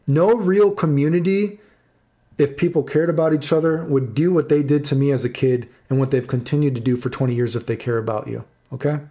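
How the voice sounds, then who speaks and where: A man's voice: medium pitch, a little fast, warm tone. A man in his thirties streaming live, ranting angrily and swearing, repeating himself and answering chat. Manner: angry, profane, repeats himself.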